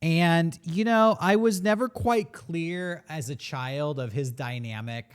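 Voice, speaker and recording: A man co-hosting a casual movie discussion show, animated and slipping into mock voices when quoting scenes. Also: a little high, takes it slowly, clear, resonant tone. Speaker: podcast co-host.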